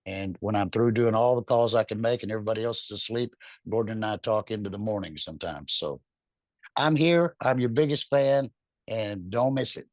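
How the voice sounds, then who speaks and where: A man's voice: lowish voice, a little fast, no room sound. A man with a Southern accent speaking with exuberant enthusiasm in webinar remarks on a video call. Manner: warm, effusive, exuberant. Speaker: business leader.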